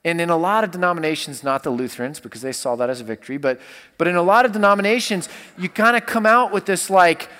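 A man's voice: sits high, fast, pushed and bright, long reverb tail. A man who is a college pastor, telling a story in casual talk, rambling with many restarts.

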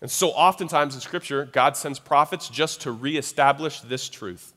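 A man preaching a sermon in a casual, conversational way, often checking in with his listeners with quick tag questions. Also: mid-range voice, sharp tone, in a large hall.

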